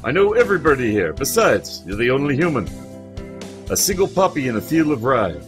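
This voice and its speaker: A man's voice: medium pitch, very animated, a little fast, faint music behind, natural voice. A man doing a smug pigeon playboy in mock French. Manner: smooth, smug, flirty.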